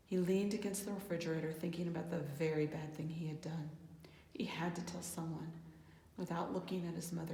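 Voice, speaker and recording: A woman reading a children's picture book aloud in a calm, gentle manner, closing with reflective questions. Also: fairly low pitch, a little fast, creaky, reverberant, long reverb tail, slight background noise. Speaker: children's storyteller. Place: church hall.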